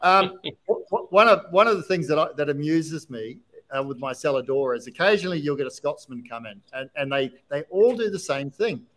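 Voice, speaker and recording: A man's voice: on the high side, lively intonation, brisk, fairly bright tone, rough recording. Chatty Australian man hosting a podcast. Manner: chatty, agreeable, lots of "yeah". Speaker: podcast host. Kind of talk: casual podcast chat.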